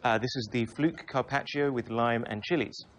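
A man's voice: medium pitch, moderate pace, lightly acted. An actor playing a deferential male waiter, hesitant and polite.

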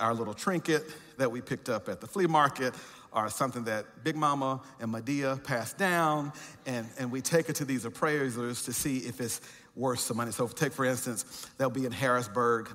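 A man's voice: mid-range voice, a bit bright. A male pastor giving a sermon with conversational, humorous storytelling and frequent fillers. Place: church. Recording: church hall with long reverb.

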